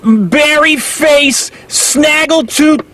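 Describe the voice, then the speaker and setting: A man's voice: very high voice, extremely slow, sharp tone, no room sound, heavily acted, low-quality recording. A man voicing a combative, foul-mouthed man with a heavy stutter who keeps getting stuck on words. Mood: ranting. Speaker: caller doing an impression.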